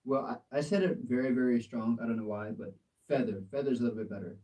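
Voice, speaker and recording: An American man tutors English in a relaxed live session, gently correcting pronunciation and laughing often. His voice is mellow and warm, and he sits a little back from the mic. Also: medium pitch, quick pace, far from the mic, rough recording. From United States. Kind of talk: live language exchange lesson.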